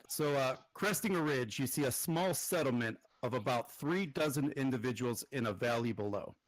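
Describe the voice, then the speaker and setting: A man's voice: mid-range voice, no room sound, poor audio. A man narrating a tabletop role-playing session as game master, easygoing and a little hesitant.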